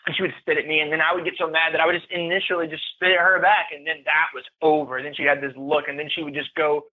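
Male guest, frank and faltering, slightly high voice, phone-quality audio. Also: flat delivery. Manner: candid, halting and emotional. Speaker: podcast guest. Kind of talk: personal account of domestic abuse. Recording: tinny phone-like line.

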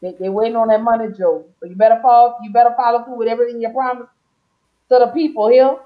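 A woman from Louisiana hosting a podcast in casual chat, playful and warm-hearted, singing out her greetings. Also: a little high, steady tone, quick pace. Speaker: podcast host. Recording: dull lo-fi sound.

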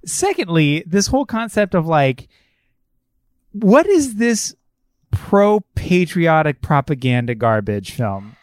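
A man's voice: fairly high pitch, very animated, slow pace, no echo, studio quality. A young man co-hosting a casual film review chat, ranting in a sarcastic, profane way and often restarting his sentences.

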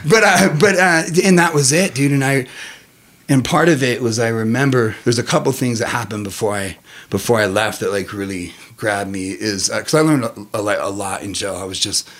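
An animated man telling stories with lots of swearing, in casual conversation. When he acts out his own reactions, his voice jumps sharply upward. His middle-range voice is otherwise plain. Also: moderate pace. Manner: animated, profane, jumps into high-pitched quotes of himself. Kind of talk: casual storytelling chat.

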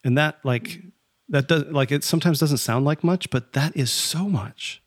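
A man's voice: a little high, normal speed, no echo, clean studio sound. A man co-hosting a casual spiritual conversation, reflective and thinking aloud. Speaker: podcast co-host.

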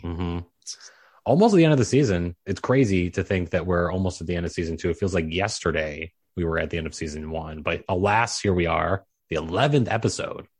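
A man co-hosting a podcast who delivers his jokes deadpan. His voice sits fairly low. The recording is dry and close. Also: fairly quick, hardly any pauses, husky, no room sound. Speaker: podcast co-host. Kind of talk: casual recap chat.

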